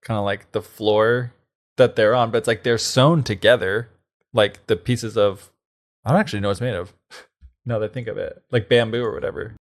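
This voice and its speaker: A man's voice: fairly low pitch, steady tone, fairly quick. A man co-hosting a podcast, reacting playfully and joking as a story is told. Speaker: podcast co-host. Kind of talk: casual chat.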